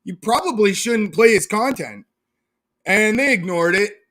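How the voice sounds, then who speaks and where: A man's voice: high-pitched, expressive, measured pace, a bit bright. A young man from Canada ranting mockingly on a casual livestream, swearing and laughing at his own jabs. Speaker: live streamer.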